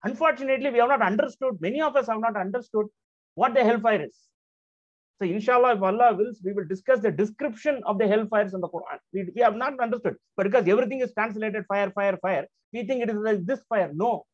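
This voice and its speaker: A man with a high voice delivers a religious lecture on the Quran, explaining each point patiently and checking in with his listeners. He presses his most serious points with urgency. The recording is dry and a little dull, with a lo-fi sound. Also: quick pace, dry recording. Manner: explanatory, checks in with frequent "right?" and "okay?". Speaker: Quran teacher.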